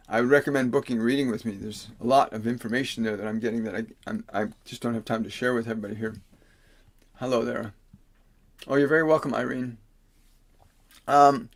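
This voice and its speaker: A man of middle pitch hosts a livestream as a spiritual teacher, reading viewers' questions aloud. He answers in a calm, coaxing way, and at times slows into a solemn, preacher-like delivery. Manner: reads viewer questions aloud and gives slow, soothing instructions.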